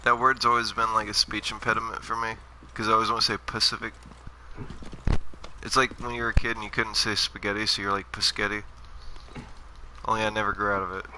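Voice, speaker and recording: A man's voice: lowish voice, level tone, quick pace, sharp tone, slight background noise. A man giving casual, rambling commentary while playing a game, joking about himself as he goes. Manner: joking, rambling, self-deprecating. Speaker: gaming livestreamer. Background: game music.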